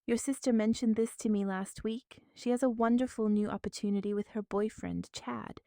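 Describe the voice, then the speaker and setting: A woman voicing a middle-aged mother who speaks in a sharp, reprimanding tone. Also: on the high side, fairly even intonation, moderate pace, vocal fry, dry recording, studio quality.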